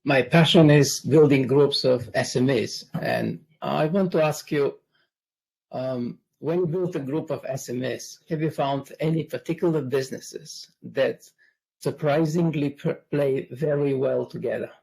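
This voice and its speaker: A man from the UK, a guest, asking the host a question in a measured, earnest way. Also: medium pitch, vocal fry, a little mellow, slightly rough, rough recording.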